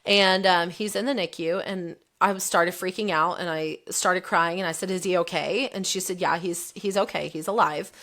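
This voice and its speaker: A woman's voice: on the low side, normal speed, hardly any pauses. Candid woman retelling a story. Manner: candid, animated retelling, voicing the quotes. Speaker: podcast guest. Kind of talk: personal storytelling in an interview.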